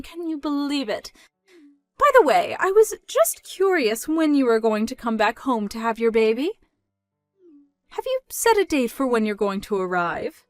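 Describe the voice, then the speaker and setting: A woman's voice: high-pitched, dry recording. A woman voicing a controlling, scornful middle-aged mother, nagging and incredulous in a scripted story dub.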